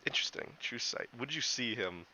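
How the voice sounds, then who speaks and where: A man's voice: mid-range voice, lively intonation, brisk, sharp tone, a little hiss or hum. A man narrating a tabletop game as game master, in a loose, chatty way with many restarts. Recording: dull lo-fi, dry.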